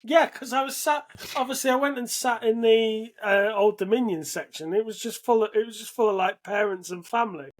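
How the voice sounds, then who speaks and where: A man's voice: high-pitched, fairly quick, few pauses. British man telling rambling stories. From Britain. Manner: rambling anecdotes with restarts. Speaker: podcast co-host. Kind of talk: casual chat.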